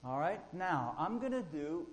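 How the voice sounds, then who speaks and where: A man preaching a sermon, fervent and rising loud when he quotes, with frequent fillers. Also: on the high side, big pitch swings, a little slow, low-quality recording.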